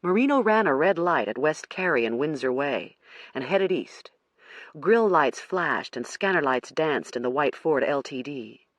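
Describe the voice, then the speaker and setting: An audiobook narrator reading a first-person crime thriller in a measured storytelling manner. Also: mid-range voice, fairly bright tone, dry recording.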